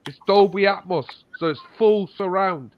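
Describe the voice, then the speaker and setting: A man chatting on a live stream, excitable and swearing often as he tells stories. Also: high-pitched, moderate pace. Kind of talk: casual chat on a live stream. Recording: dull, lo-fi call audio.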